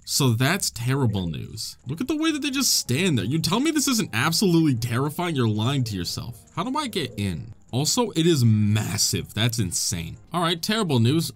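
A young man doing let's play commentary, excitable and joking, swearing casually. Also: medium pitch. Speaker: gaming YouTuber.

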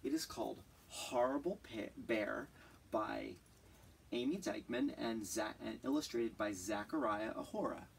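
Gravelly, unhurried read-aloud teacher. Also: mid-range voice, animated, recorded from a distance, a little hiss or hum. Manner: gentle, questioning, points at pictures. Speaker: teacher reading a picture book aloud. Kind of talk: children's read-aloud with questions.

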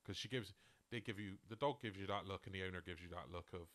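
A man's voice: sits low, fast, no echo. A man, co-hosting a casual podcast and telling an anecdote, acting out the people in it. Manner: animated storyteller, acts out quotes. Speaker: podcast co-host. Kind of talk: casual chat.

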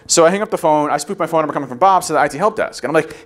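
Fast-talking man telling security war stories. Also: on the high side. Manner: rapid, animated storytelling, acts out quotes. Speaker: security conference speaker. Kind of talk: conference talk with anecdotes. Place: conference room.

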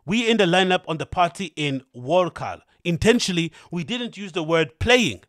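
A man's voice: sits high, lively intonation, moderate pace, fairly bright tone, no echo, clean studio sound. A man doing an irate club DJ in a mock foreign accent. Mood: indignant. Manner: indignant, scolding. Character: irate male club DJ ranting at a rival.

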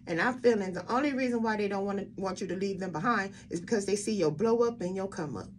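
A tarot reader does a reading for her viewers, blunt and emphatic, swearing a lot and asking rhetorical questions over and over. Her medium-pitched voice moves fast, with slight background noise.

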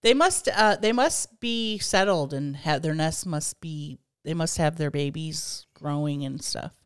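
A woman's voice: sits low, a little slow, clear, resonant tone. A woman co-hosting a casual late-night podcast chat, playful and teasing. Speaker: podcast co-host.

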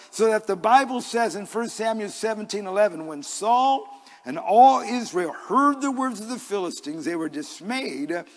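His voice sits high, and a long reverb tail follows it through the church sanctuary. The male pastor delivers an earnest, conversational sermon that mixes scripture with stories from his own life.

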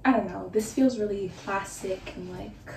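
A woman's voice: medium pitch, moderate pace, creaky, a little mellow, far from the mic. Young woman, casual rambling vlog, filler-heavy, roomy echo, background noise. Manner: chatty, rambling with lots of "like" fillers. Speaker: fashion vlogger. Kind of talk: casual outfit try-on vlog. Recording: roomy, echoey room from off the mic with noise.

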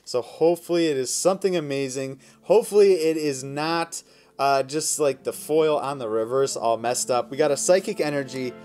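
A man with a high, light voice talks casually straight into a close mic, narrating each card as he opens packs. He sounds upbeat and keeps calling out to viewers as "guys." Soft music plays faintly underneath. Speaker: card-opening YouTuber. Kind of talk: casual card-opening vlog.

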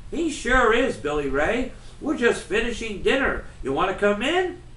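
A man reading as a gentle, hopeful mother in a storybook, heard from far off in a roomy space. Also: high voice, very animated, normal speed, pitched above the performer's own voice, exaggerated voice.

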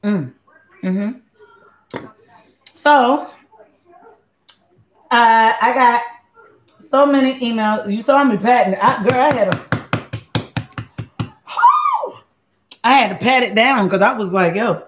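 A woman's voice: fairly high pitch, a little slow, pauses often, a little hiss or hum. Chatty, playful woman hosting a cooking show. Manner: playful, chatty, talks straight to viewers. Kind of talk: casual live cooking chat. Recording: echoey room, dull lo-fi sound.

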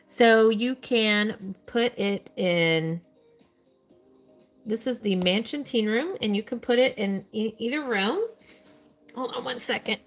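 Soft music plays in the background as a woman with a fairly high voice speaks at a slow pace. She's streaming live while playing a mobile game, chatting happily and answering what her viewers ask.

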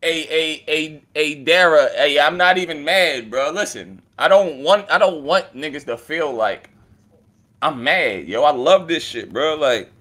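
A man talking casually as a battle rapper, taunting and swearing at a rival in an animated, mocking way. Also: on the high side, a little slow. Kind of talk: casual trash talk. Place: indoors with friends.

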